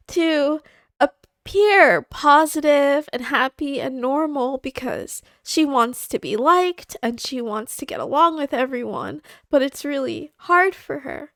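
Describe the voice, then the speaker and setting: A woman streamer chatting casually on a livestream, halting and confiding, with frequent pauses and restarts. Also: high-pitched, sharp tone, no echo, studio quality. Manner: halting, with many fillers and restarts; candid and confiding.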